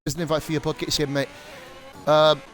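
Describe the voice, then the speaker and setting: A young man streaming live sim-racing commentary, excitable and rambling, swearing freely and going off on rants. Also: fairly high pitch, quick pace, a little hiss or hum. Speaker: league streamer and race commentator.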